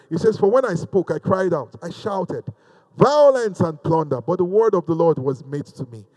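A man preaching a fervent sermon, repeating phrases and shifting between loud exhortation and quiet, confiding asides. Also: high voice, low-quality recording.

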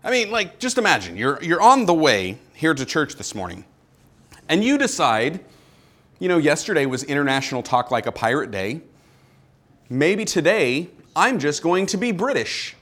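Male pastor, slightly high voice, conversational but emphatic preaching, lots of rhetorical questions. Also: very animated, moderate pace, a bit bright. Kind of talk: sermon.

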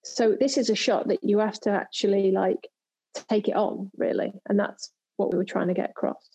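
A chatty woman from England telling a story in an interview. Her voice is mellow and a little husky, and she talks easily, with many fillers and restarts. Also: mid-range voice, fairly even intonation, normal speed, rough recording. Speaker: guest, golf presenter and former pro golfer. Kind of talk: casual interview chat.

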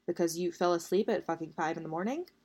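A woman's voice: lowish voice, fast talker, darkish tone, close to an everyday voice. Woman doing a bubbly upbeat college girl, storybook reading. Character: bubbly young female college student.

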